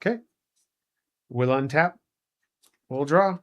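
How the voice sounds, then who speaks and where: A man co-hosting a live card game stream, calmly and matter-of-factly announcing his plays. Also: fairly high pitch, takes it slowly. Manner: calm and matter-of-fact, calling game moves. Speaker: card game co-host and player. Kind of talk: casual live-stream play-by-play.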